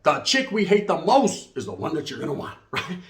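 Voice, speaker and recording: A man's voice: fairly high pitch, big pitch swings, fairly quick, creaky, fairly bright tone. A middle-aged man, telling a comic story in streetwise slang and tagging lines with "right?". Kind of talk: comedic storytelling. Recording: roomy echo.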